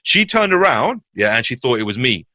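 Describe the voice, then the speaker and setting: A man in his thirties from West London with a London accent, a podcast guest telling animated, slangy stories and swearing freely. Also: mid-range voice, normal speed, no room sound. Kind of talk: casual podcast chat.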